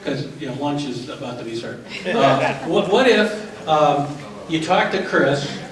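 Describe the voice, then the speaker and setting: A man's voice: a little high, animated, unhurried. Lawyerly man lecturing in an echoey hall. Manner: lawyerly, asks rhetorical questions and tags them with "right?". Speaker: trainer leading a staff workshop. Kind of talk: lecture with questions to the audience. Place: large echoey room. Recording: echoey room recorded from far off.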